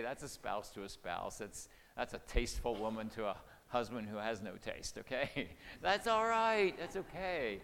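A man's voice: mid-range voice, expressive, a little slow, fairly bright tone, slight background noise. Older guy preaching casual and folksy, chuckles a lot, big reverby hall. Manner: conversational, folksy, chuckles often, acts out quoted lines. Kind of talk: sermon on marriage communication.

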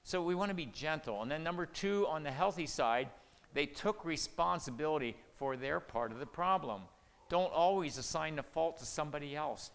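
A middle-aged man preaching, telling family stories in an earnest, folksy way and going soft and quiet when quoting his own words. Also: a little high, clean tone. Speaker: pastor or marriage speaker. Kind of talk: sermon with personal stories. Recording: reverberant hall, faint noise.

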